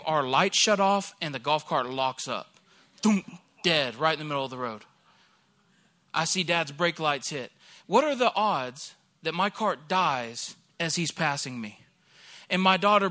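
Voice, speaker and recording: Acting out the people he quotes, a pastor in his thirties from Alabama builds his sermon around an animated personal story. His voice is on the high side.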